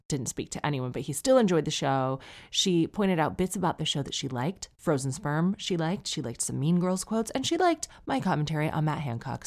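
A woman in her forties hosting a podcast, chatting casually and wryly as she reads out listener emails. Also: low-pitched. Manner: chatty, wry, teasing. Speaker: podcast host and comedian.

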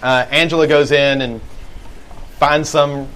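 A man's voice: fairly high pitch, steady tone, a little slow, fairly bright tone, poor audio. A man co-hosting a live podcast, telling a story in a laughing, goofy way. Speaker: podcast co-host. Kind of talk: casual live podcast chat. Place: live event venue.

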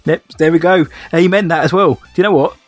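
A man's voice: fairly high pitch, fast, no room sound. Man, podcast co-host, casual, jokey, dry close sound, faint music. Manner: jokey, laughs often, calls his co-host mate. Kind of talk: casual chat.

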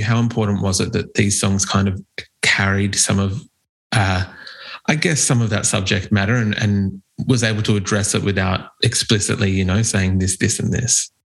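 A man's voice: fairly low pitch, vocal fry, fairly bright tone, rough recording. A man with an Australian accent interviewing a guest, polite and a bit hesitant, with many fillers. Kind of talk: casual interview chat.

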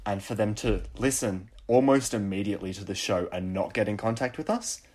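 A man's voice: on the low side, a little fast, darkish tone. An Australian man in his late teens, co-hosting a podcast in playful, jokey casual chat. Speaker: podcast co-host.

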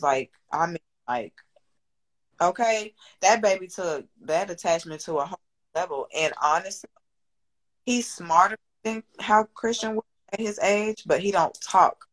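Her lowish voice comes through a rough recording as she, a thirty-something business owner raising kids alone, opens up at length as a podcast guest. She swears without restraint and gets emotional during the candid conversation.

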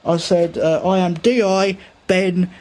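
A man telling an improvised comic tall tale, rambling with stumbling restarts and deadpan swearing. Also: sits high, a little slow, a crowd in the background.

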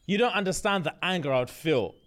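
A young man from co-hosting a podcast, talking in animated, exaggerated slang-heavy banter. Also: high voice, quick pace. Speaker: podcast co-host. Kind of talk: casual banter.

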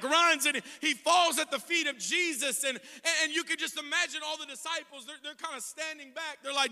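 High, bright-voiced preacher in an echoey hall. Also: male voice, fairly quick, few pauses. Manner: animated storytelling, acting out voices, building to shouted proclamations. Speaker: pastor. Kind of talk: sermon.

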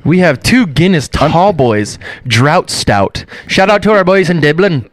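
A man's voice: on the high side, sing-song, unhurried, dry recording. A man hosting a podcast in casual, teasing banter with his co-host. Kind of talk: casual chat.

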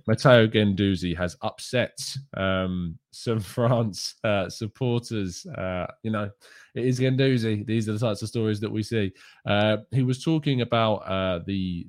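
A man hosting a football show from home, reading viewer questions and talking in a subdued, low register with plenty of casual fillers. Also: a little mellow, no echo, studio quality. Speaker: football podcast host. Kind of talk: live-stream chat about football, reading viewer questions.

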